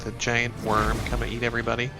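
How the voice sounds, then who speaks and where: Chatty gravelly man commenting on a game. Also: mid-range voice, completely flat delivery, fast talker, over music. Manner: chatty, rambling, talks to his game characters. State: sniffly with a cold. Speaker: gaming YouTuber and teacher. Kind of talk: let's play commentary.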